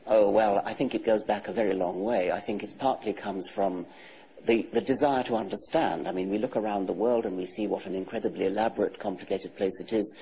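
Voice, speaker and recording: Guest author, English, 60s. Low, dark voice, measured and deadpan, faint studio hum behind. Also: male voice, gravelly, poor audio. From England. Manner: measured, dry, matter-of-fact. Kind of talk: TV talk show interview.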